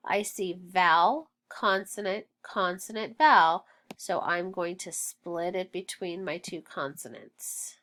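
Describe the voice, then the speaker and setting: A woman teacher leading a phonics lesson for young children, sounding out words slowly and deliberately. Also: fairly low pitch, a bit bright. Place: home, recording alone.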